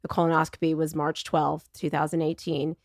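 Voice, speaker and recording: A middle-aged woman as a podcast guest, telling her story in wry, animated casual conversation and acting out the voices of the people she quotes. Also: deep voice, a little fast, dry recording, clean studio sound.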